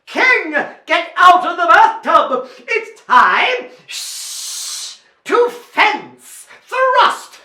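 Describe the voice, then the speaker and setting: A man's voice: very high-pitched, very animated, extremely slow, pushed and bright, pitched above the performer's own voice, heavily acted. A man voicing an eager, boastful young knight in a storybook tale. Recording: echoey room.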